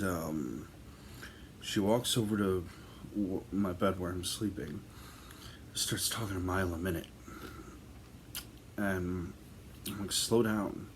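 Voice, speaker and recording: A man with a very low voice tells a personal ghost story in an unhurried, casual way. He rambles, with plenty of ums and false starts. A faint hiss sits under his voice. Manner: rambling, filler-heavy, conversational.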